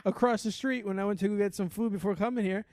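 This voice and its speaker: Animated male podcast co-host. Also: sits high, quick pace, heavy background noise. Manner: animated storyteller, acts out quoted people. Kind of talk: casual podcast chat. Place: his neighborhood in upper Manhattan.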